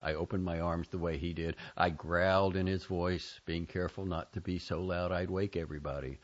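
A man reading a first-person story aloud, expressive and shifting between quiet and louder lines. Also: low voice, normal speed, vocal fry, lo-fi sound. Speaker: audiobook narrator. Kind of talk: scripted first-person narration.

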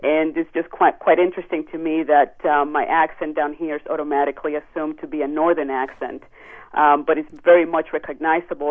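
A woman from the Dominican Republic, a native Spanish speaker, calling in to a radio show and chatting with lots of ums. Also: low-pitched. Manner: chatty, frequent ums and laughs. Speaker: caller. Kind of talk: casual call-in chat. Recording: tinny phone line.

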